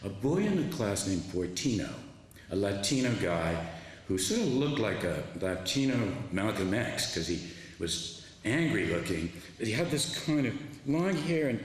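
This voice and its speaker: Older male author at a lecture, low voice, lively pitch, booming hall sound. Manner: animated storyteller, quoting students, frequent restarts. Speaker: author giving a talk. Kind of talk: public lecture storytelling. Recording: echoey hall with faint noise.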